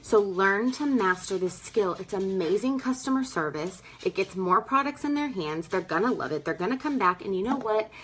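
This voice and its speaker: Bright, chatty woman coaching sales. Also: medium pitch, animated, normal speed, hardly any pauses, slight background noise, poor audio. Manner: chatty, emphatic, calls listeners "girl"; acts out customers in quoted voices. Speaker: direct sales team leader. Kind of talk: casual training talk.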